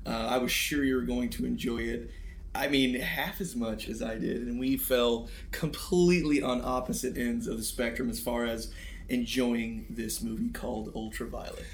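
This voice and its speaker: A man's voice: medium pitch, fairly even intonation, moderate pace, a little hiss or hum. A young man co-hosting a film podcast in casual chat, with dry, mock-serious asides. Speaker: podcast co-host.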